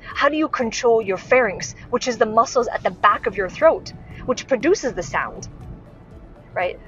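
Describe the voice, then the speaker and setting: A woman's voice: a little high, expressive, normal speed, fairly bright tone, muffled recording, soft background music. A woman speech and communication coach teaching straight to the camera in an emphatic way, often ending her points with "right?". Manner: emphatic, keeps adding "right?" as tag questions. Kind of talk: direct-to-camera teaching talk.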